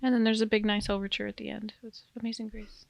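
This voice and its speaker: Creaky-voiced chatty woman podcaster. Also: medium pitch, little pitch movement, fast talker. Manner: chatty, giggly, rambling asides. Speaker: podcast co-host. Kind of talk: casual chat.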